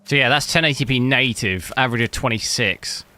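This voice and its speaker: A man's voice: medium pitch, brisk, pushed and bright, smooth. A man from England with an English accent, chatting casually to viewers while streaming a game, rambling and hunting for words. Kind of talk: casual live-stream chat while gaming.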